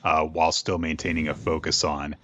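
A man co-hosting a podcast in casual chat, reading listener questions with relaxed, dry humor. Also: rumbling low, brisk, no room sound. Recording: dull lo-fi mic, dry.

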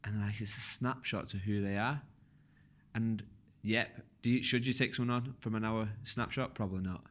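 A man hosting a casual podcast, relaxed and a little slurred when he talks quickly. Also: lowish voice. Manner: relaxed, slurs words when talking fast. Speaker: podcast host.

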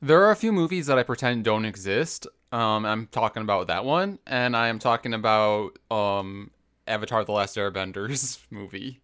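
A man's voice: lowish voice, animated, normal speed, fairly bright tone, clear, resonant tone. A man co-hosting a casual gaming podcast, easygoing and a bit hesitant as he leads into listener mail. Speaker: podcast co-host. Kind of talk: casual chat.

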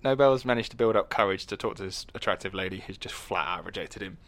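A man's voice: sits low, fast, a bit bright, no echo. A man hosting a casual, joking history podcast, rambling and swearing freely as he tells the story.

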